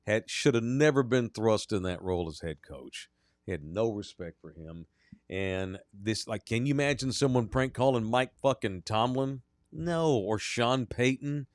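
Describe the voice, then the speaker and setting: A man co-hosts a sports radio talk show in a blunt, profane, joking way, throwing in quick mocking impressions of coaches and players. His voice sits at an ordinary middle pitch and sounds close and dry, with no room echo. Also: animated.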